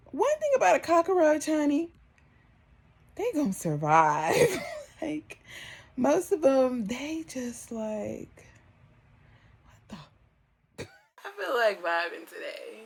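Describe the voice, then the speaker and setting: A woman vlogging in casual chat, animated and giggly, with chatty asides and a drawn-out delivery. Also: high voice, creaky, breathy edge.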